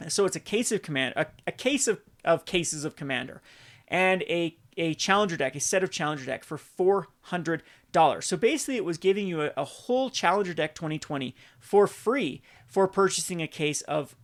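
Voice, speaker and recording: Host type, a man with a slightly higher voice, rambling, self-correcting, exasperated. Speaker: channel host. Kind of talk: casual market commentary video.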